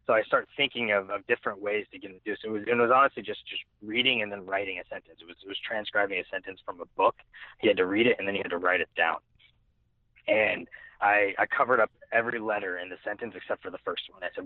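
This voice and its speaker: A man's voice: on the low side, fast talker, no echo. A young man telling a personal story as an interview guest, rambling with many restarts and fillers. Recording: tinny phone-like line.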